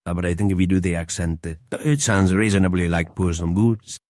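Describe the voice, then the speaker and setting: A man presenting a casual voice tutorial in a relaxed way, with many fillers. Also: low voice, brisk, dry recording, clean studio sound. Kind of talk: casual explainer.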